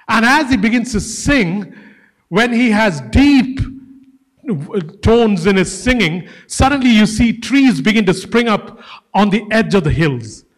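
A man's voice: high voice, animated, measured pace, big-room sound. A male preacher giving a sermon, emphatic, repeating key phrases and calling his listeners guys.

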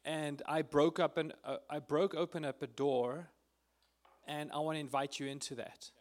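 A man's voice: a little high, fairly even intonation, moderate pace. Earnest, tearful man sharing a testimony. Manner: earnest, emotional, with frequent fillers. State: tearful at times. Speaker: speaker at a prayer meeting. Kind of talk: informal testimony and prayer.

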